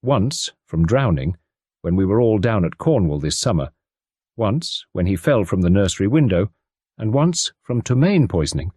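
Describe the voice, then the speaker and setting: A man's voice: on the low side, big pitch swings, moderate pace, dark tone, husky, no room sound, clean studio sound. A man voicing an anxious American mother. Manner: earnest, anxious pleading. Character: determined American woman, about thirty, worried mother.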